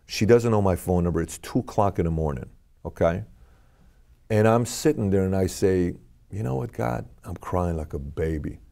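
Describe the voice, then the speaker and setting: Low dark-voiced guy on a podcast, earnest, lots of questions, telling his story. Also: moderate pace. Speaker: podcast guest. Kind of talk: personal storytelling in an interview.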